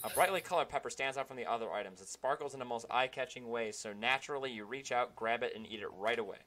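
Bright, jokey young man reading a game. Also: medium pitch, fast talker. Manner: animated, jokey. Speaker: streamer playing a game. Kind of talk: reading game text aloud on a live stream.

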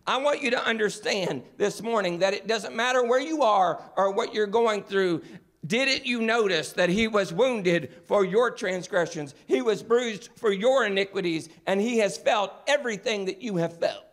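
A man's voice: high voice, animated, moderate pace, a bit bright. A man preaching a Sunday sermon in a church, earnest and building through repeated refrains. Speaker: pastor. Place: church sanctuary.

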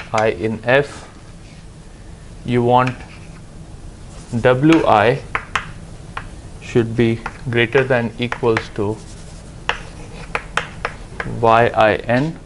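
A man giving a university lecture, explaining step by step with frequent "uh" and "okay" pauses. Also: mid-range voice, fairly even intonation, noisy background. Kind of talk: classroom lecture on game theory.

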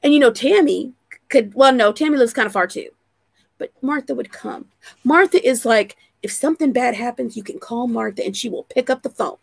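A woman hosting a casual vlog, excitable and gushing, laughing often. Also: fairly high pitch, moderate pace, vocal fry, breathy edge, dry recording. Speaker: vlog host. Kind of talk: casual chat on a live vlog.

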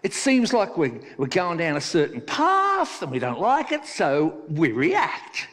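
Husky male pastor in a reverberant hall. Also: a little high, huge pitch swings, a little slow, fairly bright tone. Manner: conversational storytelling with playful joke-telling. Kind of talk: sermon. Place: church hall. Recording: long reverb of a church hall.

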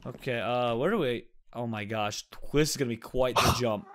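A young man giving excited gaming commentary, yelping and shouting whenever danger hits. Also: medium pitch, moderate pace, slight background noise. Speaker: gaming YouTuber.

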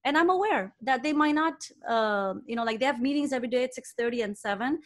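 A middle-aged woman, a cardiologist guest, talking in a casual interview with enthusiasm and lively self-quotes. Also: sits high, fast. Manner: enthusiastic, animated, quotes herself in lively voices.

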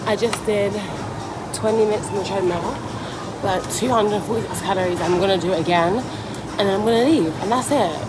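A young woman talks to her phone in a loose, rambling vlog chat, circling back to her point and checking in with the viewer. Her voice sits at a middle pitch. Clear background noise runs under her throughout. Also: fairly quick. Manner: chatty, rambling, keeps asking "do you know what I mean". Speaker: vlogger. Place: out and about, car, gym, home.

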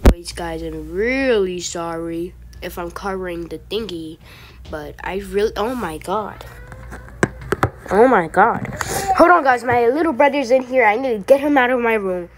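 A woman's voice: medium pitch, moderate pace, slight background noise. A woman giving casual gameplay commentary, chatty and easily frustrated, rambling asides to her viewers. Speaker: gaming video creator.

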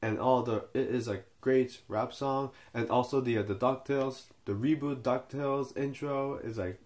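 Halting young man rambling about a show. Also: medium pitch, fairly even intonation, darkish tone. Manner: halting, many fillers and restarts. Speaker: video reviewer. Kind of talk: casual unscripted commentary.

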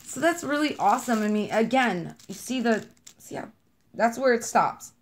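A woman's voice: a little high, lively intonation, normal speed, slight background noise. Bubbly New York woman unboxing. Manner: bubbly, rambling, self-described kooky; gushing over scents and colors. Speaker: vlogger unboxing wax melts. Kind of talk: casual chatty unboxing.

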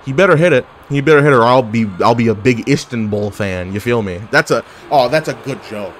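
Male gaming YouTuber, playful trash talk, lively pitch, mid-range voice. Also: brisk, slight background noise. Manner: animated, yelling at the game, joking. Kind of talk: casual gameplay commentary.

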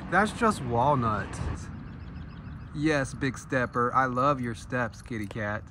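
Walking outdoors through a neighborhood, a vlog host chats casually and speaks affectionately to cats. His medium-pitched voice is slow and sharp in tone, with slight background noise.

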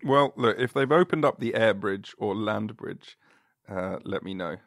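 A man's voice: fairly low pitch, unhurried, no echo, clean studio sound. A man hosting a podcast in casual chat, rambling and joking as he searches for words. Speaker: podcast host.

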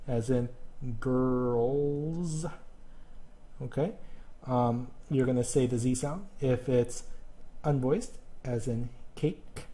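A male teacher giving a recorded grammar lesson, speaking haltingly with many fillers and restarts. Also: mid-range voice, warm tone.

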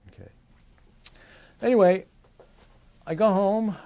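Here a veteran in his eighties recalls his time in service for an oral history interview, wandering through fillers and short laughs and voicing quoted people more brightly. His voice sits high and is animated yet unhurried, with vocal fry, long pauses and a dark tone.

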